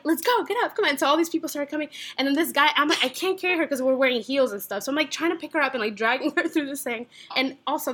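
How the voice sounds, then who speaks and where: A young woman with a high, bright voice tells a chaotic story to friends on a podcast. She talks in an animated, casual way, laughs often and fills her lines with "like". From San Antonio, Texas. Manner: animated, laughing, heavy use of "like". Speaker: podcast guest.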